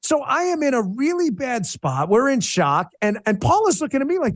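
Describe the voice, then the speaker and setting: A man with a fairly high voice speaks as an interview guest, recorded dry and close. He tells his story with feeling, breaking off and restarting his sentences. He turns blunt and combative when he argues. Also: moderate pace, dry recording. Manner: emotional, animated storytelling with restarts. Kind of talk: podcast interview.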